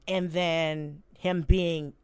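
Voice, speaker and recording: A woman comedian telling stories in a casual podcast chat, animated and profane, acting out quotes. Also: low voice, very slow, clear, resonant tone, no room sound. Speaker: comedian guest.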